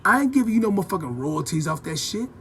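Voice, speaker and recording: A man filming a profane, confrontational vlog rant, talking loudly with a swaggering, repetitive delivery. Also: high-pitched, sing-song, quick pace, gravelly, a little hiss or hum. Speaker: vlogger.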